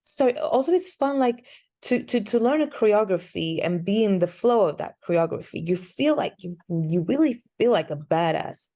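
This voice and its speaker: A woman's voice: medium pitch, lively intonation, moderate pace, warm tone. A woman, an actress chatting in an interview, searching for words as she talks. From Sweden. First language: Swedish. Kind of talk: casual interview answers.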